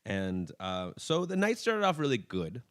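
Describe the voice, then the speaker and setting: A man's voice: medium pitch, wildly swooping pitch, measured pace, no echo, studio quality. A young man co-hosting a podcast in casual chat, rambling, joking and laughing often. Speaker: podcast co-host.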